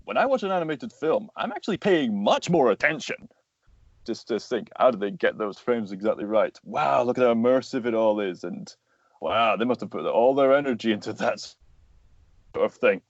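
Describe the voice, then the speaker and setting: A man's voice: mid-range voice, lively intonation, normal speed, no room sound, lo-fi sound. A man, a voice actor and animator, talking as a guest in a casual interview, explaining earnestly at length with plenty of fillers.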